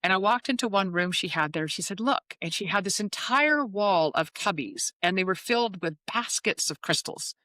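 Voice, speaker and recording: A woman's voice: medium pitch, normal speed, few pauses, no room sound. A woman in her fifties, a psychic medium, telling a personal story as an interview guest and acting out the dialogue. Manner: animated storyteller who acts out quoted dialogue.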